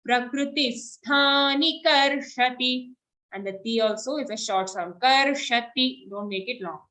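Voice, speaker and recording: A woman teaching verse recitation online, chanting lines slowly and then correcting pronunciation briskly. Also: medium pitch.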